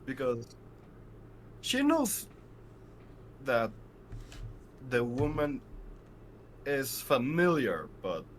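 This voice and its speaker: A man playing a tabletop game, speaking in halting, thoughtful bits. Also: mid-range voice, wildly swooping pitch, slight background noise, low-quality recording. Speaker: player.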